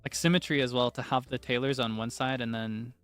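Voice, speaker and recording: A young man chats casually on stream, rambling and correcting himself as he goes, with an easy chuckle now and then. His voice sits at an ordinary middle pitch. Faint music plays behind him. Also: fairly even intonation, a little fast, clear, resonant tone, dry recording.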